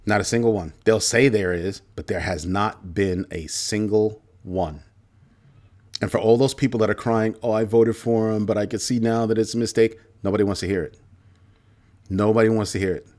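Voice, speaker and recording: Hosting a livestream commentary, a man with a somewhat low voice speaks emphatically, driving his points home by repeating key phrases. Every so often he stops to answer comments from viewers.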